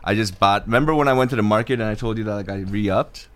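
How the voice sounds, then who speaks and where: A man with a lowish voice tells a casual story on a podcast. He talks in a relaxed way, full of fillers and restarts. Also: fast talker. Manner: laid-back storyteller, lots of fillers and restarts. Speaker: podcast co-host.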